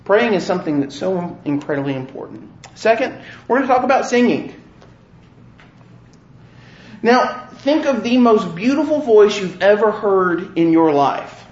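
Preacher, male, high voice, slow and earnest, rhetorical questions, roomy dull recording. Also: expressive. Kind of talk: sermon.

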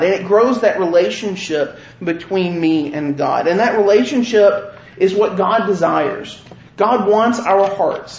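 Man preaching slow n earnest, lots of questions, echoey room. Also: high-pitched. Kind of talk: sermon. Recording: roomy, slightly dull recording.

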